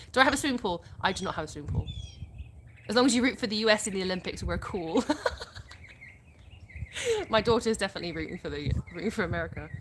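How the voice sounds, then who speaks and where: A woman's voice: medium pitch, lively intonation, fast talker, long pauses, a bit bright, a little hiss or hum. A woman, hosting a live stream outdoors, reading viewers' comments aloud and answering them chattily. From England. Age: 30s. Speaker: livestream host.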